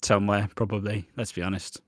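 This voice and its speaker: A British man co-hosting a podcast, telling stories in a sweary, animated, casual way. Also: lowish voice, fast, no echo, clean studio sound. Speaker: podcast co-host. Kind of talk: casual chat.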